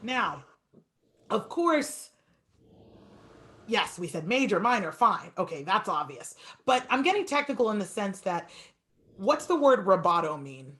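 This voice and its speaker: A woman piano teacher giving a masterclass, talking fast and stretching words for emphasis. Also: medium pitch, big pitch swings, fairly bright tone.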